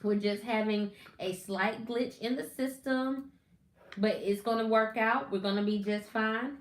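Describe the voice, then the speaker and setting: A woman's voice: fairly high pitch, steady tone, unhurried. A woman hosting a casual live stream, chatty and greeting viewers by name. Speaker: podcast host. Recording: echoey room.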